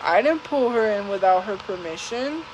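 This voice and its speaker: A young woman telling a personal story live, speaking earnestly and haltingly and often repeating herself. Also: medium pitch, lively intonation, dull audio, noisy background. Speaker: livestream host.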